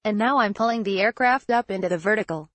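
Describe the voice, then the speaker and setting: A woman narrating a news feature, her delivery measured and even as she reads quoted remarks without changing voice. Her pitch sits in an ordinary middle range, and the recording is close and dry with no room sound. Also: dry recording. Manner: even, measured read-through of an article, quotes in the same voice. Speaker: news reader.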